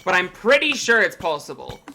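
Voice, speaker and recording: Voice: mid-range voice, sing-song, a little fast, vocal fry, pushed and bright, a little hiss or hum. A streamer giving live gameplay commentary, chatty and rambling with frequent ums.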